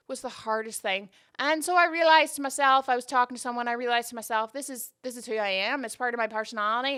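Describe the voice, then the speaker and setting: A woman's voice: on the high side, bright, forceful tone. A woman from Northern Ireland with a mostly Canadian accent and traces of Northern Irish, hosting a casual podcast monologue close to the mic, candid and reflective with frequent restarts. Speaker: podcast host. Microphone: close microphone.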